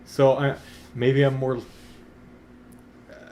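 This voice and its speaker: A man's voice: medium pitch, level tone, drawn-out words, dark tone, a little hiss or hum. A man in his thirties talking casually in a wry, self-deprecating way, sometimes building up to exasperated emphasis. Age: 30s. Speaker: comic book reviewer. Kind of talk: casual vlog commentary.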